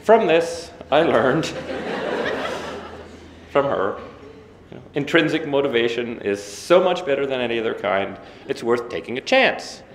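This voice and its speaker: A man in his fifties giving a self-deprecating after-dinner speech, halting with many fillers. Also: medium pitch, lively intonation. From Ontario, Canada. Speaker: guest speaker. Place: banquet hall. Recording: echoey banquet hall with faint room noise.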